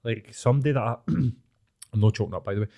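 A man's voice: lowish voice, fast, gravelly, muffled recording. A Scottish man in his late thirties with a Glaswegian accent, telling frank, swear-filled stories in a casual podcast chat. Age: 30s.

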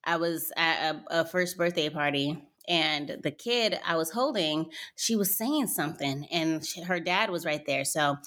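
A woman's voice: low voice, measured pace, a bit bright. A woman co-hosting a podcast in casual chat, laughing often as she tells stories. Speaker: podcast co-host.

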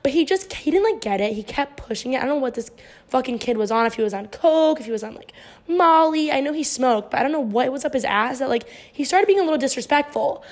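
A woman's voice: sits high, lively intonation, quick pace. Chatty young woman, profane and rambling. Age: 20s. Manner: profane, rambling, heavy use of "like". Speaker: podcast host. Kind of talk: casual storytelling chat.

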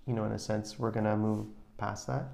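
A man's voice: fairly low pitch, little pitch movement, vocal fry, mellow. A middle-aged man co-hosting a podcast, talking earnestly about marriage with a lot of restarts. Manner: earnest, advising, halting with restarts. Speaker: podcast co-host. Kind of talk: casual chat.

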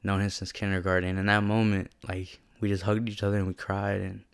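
A man's voice: deep voice, flat delivery, a little fast, creaky, clean tone. A young man telling a personal story in a casual, slangy and earnest way, often saying "like". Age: young adult. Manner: casual and slangy, heavy use of "like", earnest and emotional. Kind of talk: personal reflective monologue.

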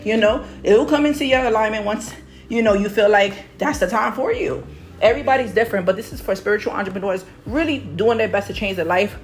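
A woman from Harlem, New York, hosting a motivational podcast as a manifestation coach, talking casually while a bit out of breath from cleaning, rambling and often tagging "right?". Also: mid-range voice. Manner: rambling, keeps asking "right?".

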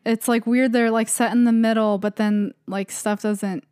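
A young woman co-hosting a podcast rambles through creepy stories casually, filling gaps with "like" again and again. Her voice sits on the high side with little pitch movement, a darkish yet clean tone, and normal speed. The studio sound is clean, without room sound.

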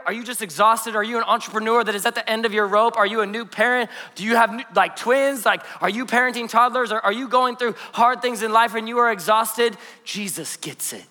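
A man in his thirties preaches with a high, bright, forceful voice, lively and playful, slipping jokes and asides into his stories. His words ring out with a long reverb that hangs in the church hall around him. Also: moderate pace. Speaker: pastor. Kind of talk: energetic conversational sermon. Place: church auditorium.

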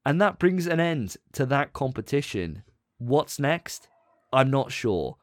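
Animated podcast host, dry mic. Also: male voice, mid-range voice, no room sound. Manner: animated, laughing, quick asides. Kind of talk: casual podcast chat.

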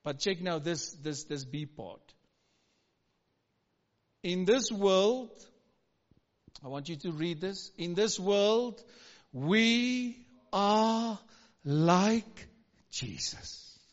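A man's voice: high voice, lively intonation, drawn-out words, long pauses. A middle-aged male pastor preaching a sermon with emphatic call-and-response, urging the congregation to answer. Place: church hall. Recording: dull recording with long hall reverb.

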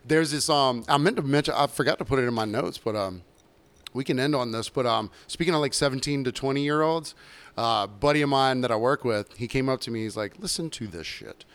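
A man's voice: mid-range voice, fairly quick, fairly bright tone, clear, resonant tone. Man telling swear-heavy bar stories. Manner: profane, rambling storytelling. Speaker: podcast co-host, bartender. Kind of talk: casual podcast chat.

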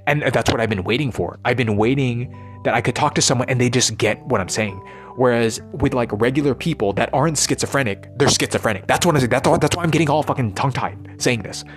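A man giving a rambling, profane, intense unscripted monologue as a vlogger. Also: mid-range voice.

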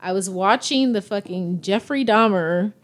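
A woman's voice: medium pitch, a little slow. A woman hosting a podcast, chatting candidly and emotionally, swearing freely. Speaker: podcast host. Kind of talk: casual chat.

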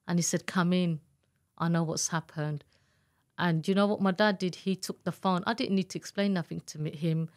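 Earnest lower-voiced woman. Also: fairly even intonation, moderate pace, darkish tone. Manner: candid, earnest, acts out quoted speech. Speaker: guest, abuse survivor telling her story. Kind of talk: emotional personal storytelling.

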